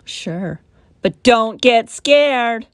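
Woman doing a raspy girl monster, snappish, defensive, short-tempered. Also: on the high side, lively intonation, extremely slow, dry recording, studio quality. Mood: snappy.

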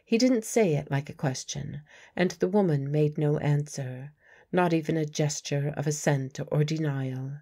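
A woman audiobook narrator reading a story in a measured way. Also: low voice, dark tone. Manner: measured storytelling, voicing several characters. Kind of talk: scripted narration.

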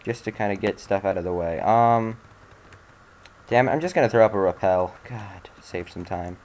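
A man with a slightly low voice talks through a video game in loose, off-the-cuff commentary. He mutters to himself between moves and regularly erupts into exasperated swearing. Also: normal speed, darkish tone, slight background noise. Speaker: video game let's-play host. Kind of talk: casual gameplay commentary.

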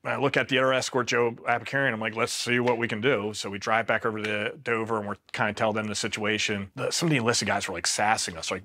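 A man's voice: on the low side, steady tone, fast, sharp tone. A man from Pennsylvania, a Marine veteran, telling a story casually as an interview guest, acting out what people said and using lots of filler words. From Pennsylvania, USA. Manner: retells events by acting out quoted dialogue, many "like" fillers.

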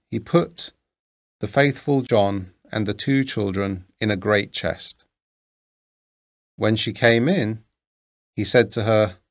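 A man reading an old fairy tale aloud in a measured, deliberate storytelling manner. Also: on the low side. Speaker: narrator.

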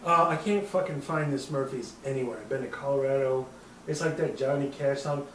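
A man in his thirties hosts a podcast, telling a rambling, profane drinking story fairly quickly at medium pitch and laughing at himself along the way. The low-quality recording puts him far from the mic in an echoey room with slight background noise.

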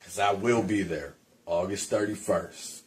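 A man's voice: sits low, a little slow. A man cutting a self-important wrestling promo, stretching out his words. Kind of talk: slow, boastful wrestling promo.

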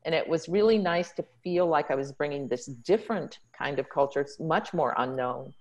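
A woman's voice: deep voice, moderate pace, low-quality recording. A woman from Hawaii, a puppeteer guest, earnestly recounting her work in a casual video-call conversation. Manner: earnest, with many fillers.

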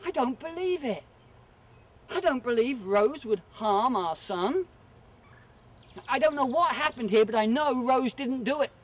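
A man's voice: very high-pitched, lively intonation, unhurried, long pauses, pitched above the performer's own voice, exaggerated voice. A male storyteller voicing a young prince who speaks out firmly and indignantly in defence of his wife. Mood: commanding. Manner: commanding, indignant declaration. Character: young prince, firm and righteous. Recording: echoey live venue, distant mic.

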